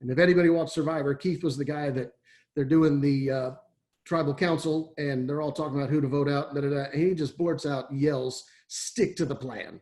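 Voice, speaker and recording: A man's voice: a little high, fairly even intonation, brisk, a little mellow. A middle-aged man from Texas, an athletic director giving a folksy, rambling webinar talk over a video call, full of fillers and restarts. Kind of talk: webinar presentation.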